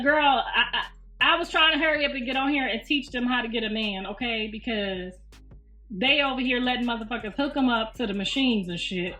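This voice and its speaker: A woman in her fifties hosts a casual livestream from home, speaking bluntly with plenty of swearing and laughter. Her voice is high-pitched and bright with a forceful tone, and the recording sounds roomy, distant, and slightly muffled, with faint music.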